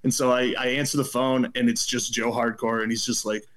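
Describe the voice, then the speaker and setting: A man in his thirties trades stories as a guest on a casual podcast. He tells them animatedly, laughing often and pitching his voice up to act out the people he quotes. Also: flat delivery, brisk, a bit bright. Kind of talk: casual storytelling chat.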